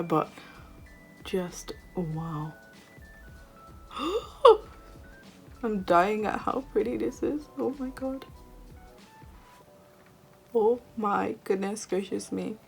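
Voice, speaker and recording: A woman doing a makeup tutorial, gushing and excitable as she tries eyeshadow shades. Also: medium pitch, a little slow, gravelly, long pauses, soft background music. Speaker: beauty vlogger.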